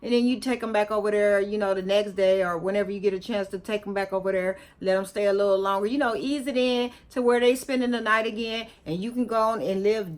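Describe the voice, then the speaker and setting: A woman's voice: medium pitch, fairly even intonation, fast talker, few pauses. A woman reacting to a video in a vlog, talking casually in slang, emphatic and repetitive, lecturing as she gives her opinion. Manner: emphatic, repeats herself, scolding and preachy; casual slangy talk, chewing gum.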